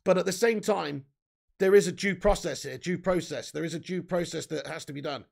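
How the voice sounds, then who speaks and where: An English man talks loosely to his live-stream viewers, reading their comments aloud and dropping in the odd swear word. His voice sits fairly high and carries a strong gravelly rasp throughout. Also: brisk, darkish tone. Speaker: livestream host reading chat. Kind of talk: casual live chat.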